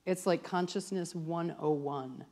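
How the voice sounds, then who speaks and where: A woman spiritual teacher leading a church workshop with a live audience. She talks in a lively, chatty way, full of "like" and the odd swear. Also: fairly low pitch, measured pace.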